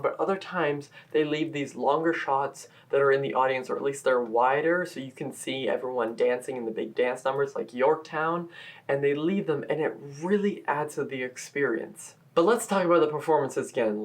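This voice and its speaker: A man reviewing a filmed stage musical in a solo video, talking as an eager, gushing fan into a camera-mounted mic. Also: medium pitch. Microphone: camera-mounted shotgun mic.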